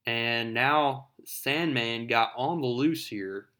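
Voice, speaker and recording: A man's voice: medium pitch, slow pace, pushed and bright. A man casually retelling a comic book story in a conversational, storytelling way.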